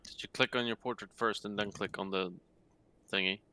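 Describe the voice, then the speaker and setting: A man's voice: fairly low pitch, fairly even intonation, brisk, bright, forceful tone, smooth, dry recording. A man playing a tabletop game online, wisecracking and eager to act. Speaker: player. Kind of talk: casual game chat.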